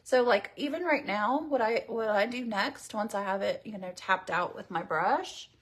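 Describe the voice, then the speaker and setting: Husky-voiced woman rambling thru a makeup tutorial live, chatty, talks right to viewers. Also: mid-range voice, normal speed. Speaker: beauty livestream host. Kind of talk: casual makeup tutorial livestream.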